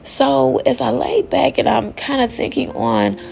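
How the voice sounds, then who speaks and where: A woman recounts a personal spiritual encounter in a loose, candid storytelling voice, swearing freely. Her pitch sits fairly high and swings widely from line to line, with heavy vocal fry throughout. A faint noise hangs behind her. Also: a little slow. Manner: candid, animated, profane.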